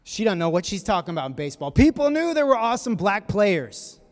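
A man preaching a sermon, retelling a film scene as an animated storyteller with quick asides. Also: sits high. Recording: echoey hall.

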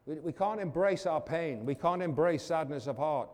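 A man preaching a sermon as pastor, fervent, calling out to the congregation and swinging from loud declarations to hushed asides. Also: fairly high pitch, moderate pace, hardly any pauses, in a large hall. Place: church.

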